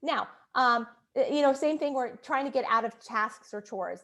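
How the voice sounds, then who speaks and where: A middle-aged woman child psychologist giving a talk to parents, quick and conversational, often tagging "right?" and acting out children's demands. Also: a bit bright. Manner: quick conversational, frequent "right?" tag questions; acts out children's whiny demands in a high voice.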